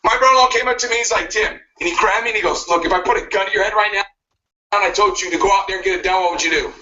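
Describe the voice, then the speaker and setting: A man's voice: sits high, rapid-fire, sharp tone. A man giving a pushy motivational speech, cracking jabs and laughing at his own lines. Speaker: motivational speaker. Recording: muffled video played back from a distance.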